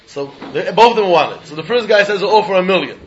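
Animated Talmud teacher with lilt. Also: male voice, high-pitched, fast, lo-fi sound, slight background noise. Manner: sing-song study-hall explaining, acting out both sides of a deal. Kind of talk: animated Talmud class lecture.

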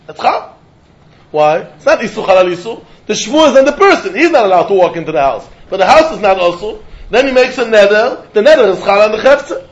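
A man teaching a Talmud lesson, mixing English with Yiddish and Hebrew terms in an animated, sing-song line of reasoning. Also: high voice, a little hiss or hum. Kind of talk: Talmud study lecture. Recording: dull lo-fi recording.

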